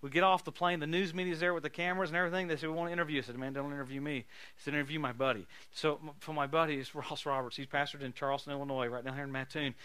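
A man preaching a sermon, telling stories in an animated, folksy way and laughing often. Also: on the high side, racing, clean tone, no room sound. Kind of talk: sermon with storytelling.

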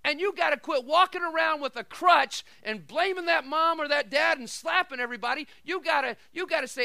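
A middle-aged man preaching a sermon as pastor, telling stories with animated swings between shouted lines and quiet asides. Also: very high-pitched, brisk, creaky, few pauses, dry recording.

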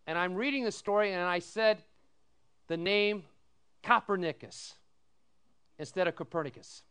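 A middle-aged pastor preaches his sermon in a high, smooth, clear voice. He tells folksy stories, acts out the people in them with lively voices, and keeps asking the congregation "amen?". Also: normal speed. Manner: folksy storytelling, animated quoted voices, asks "amen?".

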